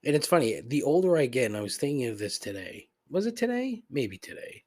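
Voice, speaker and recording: A middle-aged man riffing through a casual podcast rant, swearing freely and wandering off on tangents. His voice sits at an ordinary middle pitch, and he griping with comic frustration, breaking off into asides. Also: very animated, brisk, a little mellow. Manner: profane, rambling, griping, frequent laughs and asides. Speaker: podcast host.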